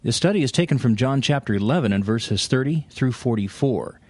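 A male program announcer giving a calm, measured closing announcement after a sermon. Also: mid-range voice, no echo.

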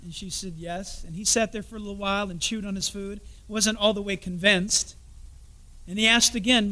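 A man preaching a sermon as pastor, telling a story and dropping into soft, confiding asides. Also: sits high, fairly even intonation, normal speed.

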